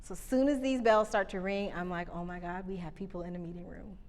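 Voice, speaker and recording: A woman communication coach telling lively stories from a stage, talking to the audience and asking them questions. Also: fairly low pitch, fast. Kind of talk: live keynote storytelling. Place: stage before a live audience. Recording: reverberant hall, live talk.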